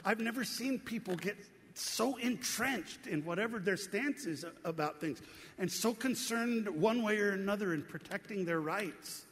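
Male pastor, middle-aged, earnest conversational sermon, high voice, long hall reverb. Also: animated, unhurried, fairly bright tone. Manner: earnest, conversational preaching with rhetorical questions. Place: church sanctuary.

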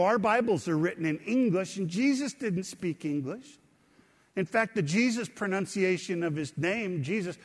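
A middle-aged pastor with a high-pitched voice preaches in a large hall, the church sanctuary. His sermon is conversational, and he often puts questions to the congregation.

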